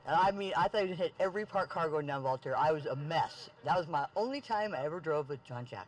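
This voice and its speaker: A woman at a memorial gathering, telling an animated, exasperated story. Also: sits low, fast, hardly any pauses, a little hiss or hum, poor audio. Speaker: memorial speaker. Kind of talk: casual storytelling.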